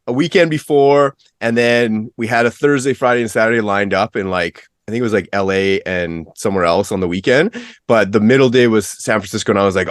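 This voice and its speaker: A man co-hosting a casual podcast, telling a story in quick, excited bursts. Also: on the low side, dry recording, clean studio sound. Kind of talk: casual chat.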